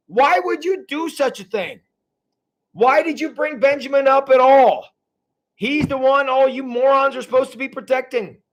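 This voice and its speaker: A man voicing a self-centered old father who whines and rants at his sons in a shrill complaining outburst. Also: a bit bright, heavily acted.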